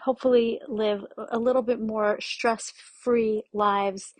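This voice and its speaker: A woman's voice: a little high, fairly even intonation, slow pace, dry recording. A middle-aged woman giving an earnest, reflective talk on anxiety and faith, weaving in Hebrew terms as she teaches. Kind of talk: Torah-based talk on anxiety.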